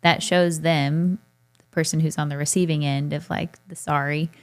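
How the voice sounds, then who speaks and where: A woman's voice: low voice, fairly even intonation, moderate pace, smooth. A woman in her thirties co-hosting a parenting talk show, telling a family story in a chatty way with frequent laughs. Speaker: podcast co-host. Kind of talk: casual chat.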